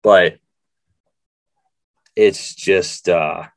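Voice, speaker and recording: Casting: middle-aged man, very low voice, dry close sound, blunt rambling sports talk. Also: steady tone, extremely slow, creaky, no room sound. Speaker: sportswriter podcast co-host. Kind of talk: casual sports chat.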